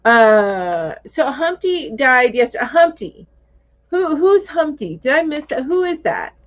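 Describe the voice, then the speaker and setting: A talkative woman hosts a casual crochet livestream and reads out viewer comments. Her voice sits a little high and swoops widely as she thinks aloud. The sound is dull and lo-fi. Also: sing-song, unhurried. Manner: chatty, thinks aloud, laughs easily. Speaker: host of a crochet live chat.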